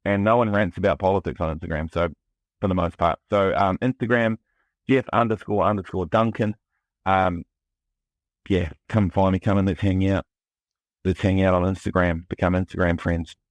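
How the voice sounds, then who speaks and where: A man from New Zealand with a New Zealand accent, talking candidly and excitedly as a podcast guest, swearing freely and often restarting his sentences. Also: sits low, moderate pace, no echo. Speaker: podcast guest, music producer. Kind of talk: casual chat.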